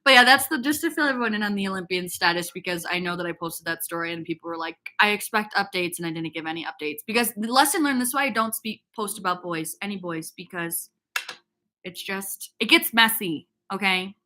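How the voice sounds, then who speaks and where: A woman's voice: mid-range voice, animated, quick pace, sharp tone. A young woman from upstate New York, hosting a casual fitness livestream and telling a rambling, gossipy story packed with "like" fillers, and answering chat comments.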